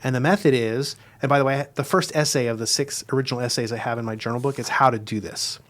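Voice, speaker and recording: A man speaking as a guest, explaining a devotional method in an earnest, reflective way and slowing down to stress key words. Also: mid-range voice. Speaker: guest teacher.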